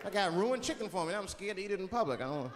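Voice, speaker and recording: A man with a fairly high voice doing a stand-up set, telling a profane story and acting out little asides. The live club recording carries loud crowd noise and laughter right behind him. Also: lively intonation, fast, long reverb tail. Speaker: stand-up comedian. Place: comedy club stage. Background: audience laughter and chatter.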